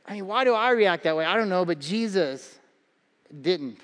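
Man, pastor, lively sermon, slightly high voice, long hall reverb. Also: moderate pace. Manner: animated storytelling with acted-out voices and humor.

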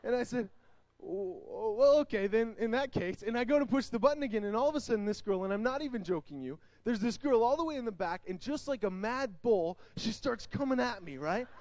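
A young man speaks to a youth crowd with animated storytelling, voicing the people in his tales. His voice sits high for a man, and the recording is dry and close. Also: fast, hardly any pauses, no echo. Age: young adult. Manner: animated storytelling, acts out quotes. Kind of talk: energetic youth sermon.

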